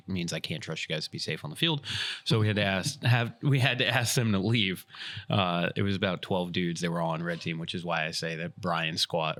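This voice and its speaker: A man hosting a casual podcast, telling a story and acting out the lines of the people in it. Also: deep voice. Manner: animated retelling, acts out quoted dialogue. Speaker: podcast host and field referee.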